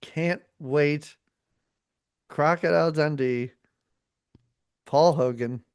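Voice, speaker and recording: Podcast host, casual chat, rambling, middle pitch, dry close mic. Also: takes it slowly, clear, resonant tone, no room sound. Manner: chatty and rambling, with frequent fillers and restarts.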